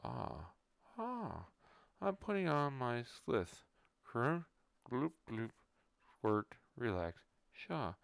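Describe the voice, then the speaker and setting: A man voicing a creepy male ear-cleaner who pulls bugs out of ears. It is a whispered role-play, and he says the sound effects aloud in a hushed voice. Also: medium pitch, wildly swooping pitch, extremely slow, gravelly, dry recording, clean studio sound, heavily acted.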